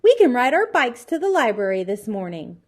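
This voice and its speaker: A woman's voice: a little high, big pitch swings, moderate pace, pitched above the performer's own voice. A woman voicing a bossy, teasing girl babysitter with a sing-song manner.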